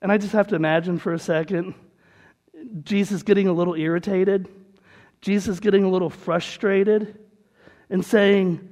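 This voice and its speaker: High-voiced man preaching in a hall. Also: fairly even intonation, normal speed, pauses often, a little mellow. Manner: earnest, conversational, explaining. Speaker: pastor. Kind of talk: sermon. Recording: long hall reverb.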